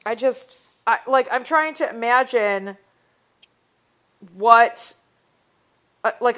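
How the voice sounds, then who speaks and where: A woman's voice: on the high side, a bit bright, smooth. A young woman co-hosting a casual podcast chat, rambling with lots of fillers and restarts. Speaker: podcast co-host.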